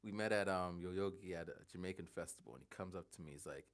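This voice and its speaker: A man in his forties chatting casually on a livestream, rambling and halting, thinking aloud with many restarts. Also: sits low. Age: 40s.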